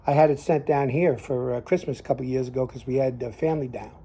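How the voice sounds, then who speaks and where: A man's voice: mid-range voice, fast, mellow, a little hiss or hum. An older man from New Jersey with a Jersey accent, talking in a casual, rambling monologue full of fillers. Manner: rambling, repeats himself, trails off in fillers. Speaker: host.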